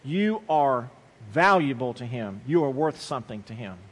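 A man's voice: medium pitch, big pitch swings, normal speed, long reverb tail. A man preaching a sermon, telling a childhood story with emphatic repetition and acted-out quotes.

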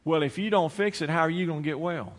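A man's voice: on the high side, quick pace. A man preaching a sermon to his church, folksy and storytelling, acting out both sides of a conversation. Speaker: pastor. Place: church sanctuary. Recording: church hall with long reverb.

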